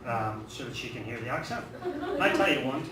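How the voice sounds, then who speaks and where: Nervous-ish northern irish guy telling jokes on a club stage, loud room noise, echoey. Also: mid-range voice, huge pitch swings, fairly quick. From Northern Ireland. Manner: rambling, self-deprecating storytelling with many fillers. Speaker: stand-up comedian. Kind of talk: stand-up routine. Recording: roomy, distant, noisy live room. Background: audience laughter.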